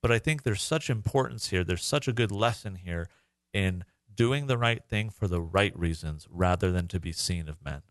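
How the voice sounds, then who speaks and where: Speaking at a moderate pace in a low-pitched voice, a father co-hosting a podcast shares a story in a relaxed, sincere, emotional manner full of filler words. The sound is dry and clean, studio-grade.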